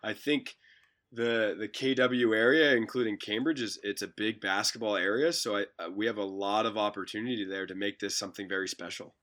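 Brisk and fairly bright, this man's fairly low voice belongs to a university head basketball coach. On a casual podcast he talks freely, often repeating words while storytelling.

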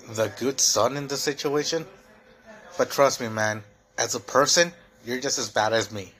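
A man's voice: medium pitch, fairly bright tone. A young man hosting a solo podcast, venting in a heated, profane, rambling way full of fillers. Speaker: podcast host.

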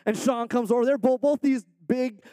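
Man, missionary guest preacher, high voice, dry close sound, earnest and animated storytelling. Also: normal speed, no room sound. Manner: earnest, animated storyteller who acts out quotes. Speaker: missionary speaking to a supporting church. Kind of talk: sermon with a personal story.

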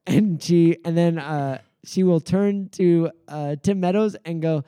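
A man co-hosting a casual podcast, his voice mellow and smooth and sitting a little high for a man. He rambles through his recaps with plenty of "uh" fillers and sounds amused. The recording is dry and close, with no room sound. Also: slow, no room sound. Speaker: podcast co-host. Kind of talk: casual chat recapping comedy sketches.

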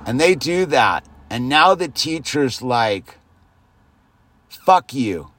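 A man's voice: lively intonation, takes it slowly. A man hosting a podcast, delivering a heated, profane rant that keeps ending on a dropped "dude". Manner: heated and profane, peppers lines with "dude", swings loud then drops low. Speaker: podcast host. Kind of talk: profane ranting monologue.

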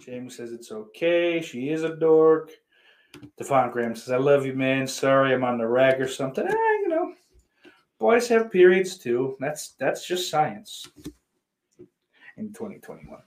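Brief: male podcast host, lively pitch, foul-mouthed and sarcastic, loud one moment and muttering the next. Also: measured pace. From Irish heritage. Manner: profane, sarcastic, with big swings in loudness. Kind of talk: casual chat reading viewer comments.

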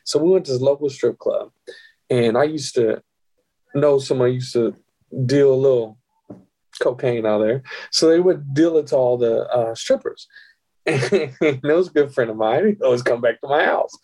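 A man telling a profane, animated story as a guest on a casual podcast, often laughing. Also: mid-range voice, normal speed.

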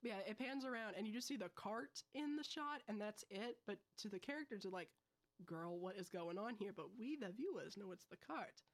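A young woman hosts a casual podcast, telling a film's plot in a breezy, quick way. She tosses in slangy asides as she goes. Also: fairly high pitch, animated. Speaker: podcast host. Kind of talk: casual film review chat.

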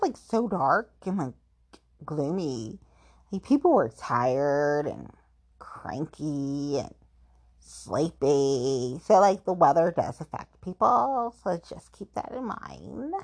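Husky, rambling woman with a lively voice. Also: deep voice, takes it slowly. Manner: rambling, heavy use of "like"; playful, self-mocking about being petty. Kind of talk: casual chat.

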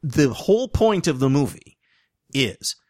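A man's voice: fairly high pitch, no room sound. A man co-hosting a podcast, joking and laughing through a casual chat about a film. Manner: joking, animated, quick to laugh. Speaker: podcast co-host.

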